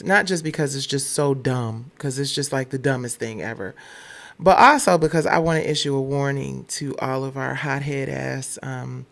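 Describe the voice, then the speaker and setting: A woman from Detroit hosts a casual news commentary, her voice carrying a gravelly, fry-tinged edge. She talks bluntly and with open irritation, swearing freely as she sounds off. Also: a bass voice. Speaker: show host.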